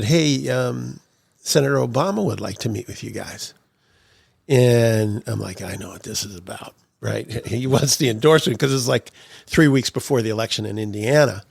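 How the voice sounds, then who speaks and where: A man's voice: medium pitch, gravelly, dry recording, clean studio sound. A man telling political anecdotes as a podcast guest, chuckling through his stories. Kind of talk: storytelling interview.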